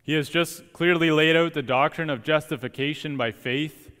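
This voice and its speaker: A young man, a student preacher, delivering an earnest, emphatic sermon with deliberate pauses in a church. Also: on the high side, fairly even intonation, fairly bright tone, clean tone. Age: young adult. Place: church sanctuary. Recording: long church reverb.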